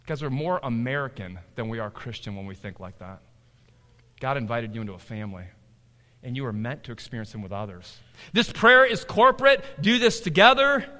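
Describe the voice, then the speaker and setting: High, bright-voiced preacher in a hall. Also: male voice. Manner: animated, swings from loud emphasis to low asides. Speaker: pastor. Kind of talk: sermon.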